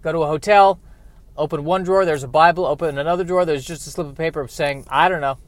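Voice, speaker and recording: A grieving man talking through a reflective personal monologue, halting and rambling, with self-deprecating asides. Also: a little high, fairly even intonation.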